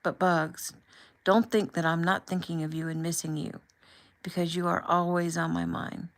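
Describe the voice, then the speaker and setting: A woman voicing a young man on deployment, speaking softly and tenderly, with a low, gravelly tone. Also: flat delivery, normal speed, natural voice. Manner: soft, quiet, affectionate.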